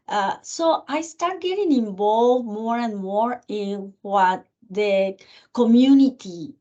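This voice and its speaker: A middle-aged woman with a Spanish accent, a guest in an interview, telling her story in an earnest, animated way. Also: medium pitch, takes it slowly. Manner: earnest, animated, acts out remembered dialogue. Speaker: guest speaker, county commissioner. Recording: muffled lo-fi recording.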